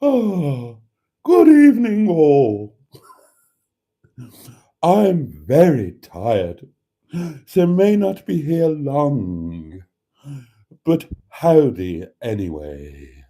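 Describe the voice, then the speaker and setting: A man putting on a whimpering, drawn-out voice as a worn-out chat viewer, reading out a comment on a live stream. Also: a little high, very animated, warm tone, heavily acted. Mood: weary.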